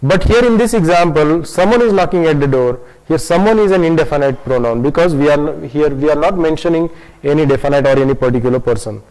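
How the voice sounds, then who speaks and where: A man teaching a grammar lesson online, often pausing on fillers and restarting his sentences. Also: on the high side, a little mellow, low-quality recording. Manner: hesitant, many fillers and restarts, switches into Hindi to explain.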